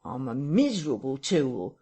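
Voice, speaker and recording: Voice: medium pitch, big pitch swings, measured pace, warm tone, slightly rough. A reader voicing a frightened, self-pitying tramp who whines and complains near tears. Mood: whining. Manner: whining, tearful, complaining.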